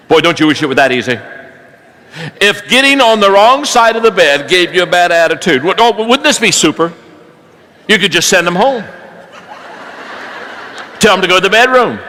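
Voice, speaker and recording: High, bright-voiced animated preacher. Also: male voice, brisk, pauses often, rough recording. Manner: animated storytelling, swings from hushed to shouting. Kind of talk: sermon.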